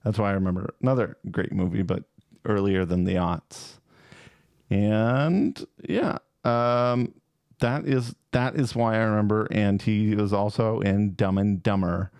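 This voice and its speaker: A man's voice: fairly low pitch, fairly even intonation, a little slow, a little mellow, clean tone, no room sound, studio quality. A man co-hosting a casual movie review chat, rambling and hesitant with many fillers and restarts. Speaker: podcast co-host.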